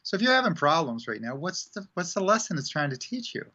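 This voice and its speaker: A man talking casually about spiritual lessons as a radio guest, animated and acting out quoted voices. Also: on the high side, quick pace. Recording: dull lo-fi sound.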